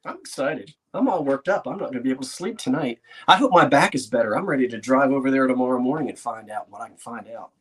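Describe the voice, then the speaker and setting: Antiques dealer, male, excitable vlogger, chatty and prone to laughing. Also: medium pitch, fast talker, few pauses, slightly rough. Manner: chatty, excitable, laughs often, talks to himself. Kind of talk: casual vlog talk to viewers.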